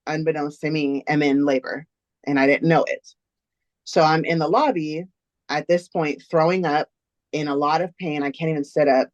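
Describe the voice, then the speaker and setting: A woman's voice: low voice, highs cut off. A woman shares a personal story as an interview guest. She recounts events earnestly, step by step. The recording is dry and close, with no room echo.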